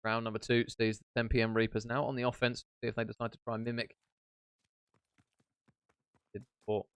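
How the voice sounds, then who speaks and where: A young man giving live esports play-by-play as a caster, chatty and quick to banter between rounds. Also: mid-range voice, flat delivery, clear, resonant tone, no echo.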